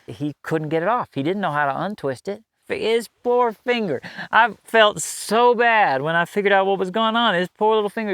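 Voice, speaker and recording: A man's voice: a little high, smooth. A middle-aged man telling a personal story in a casual, conversational way, laughing often and restarting his sentences.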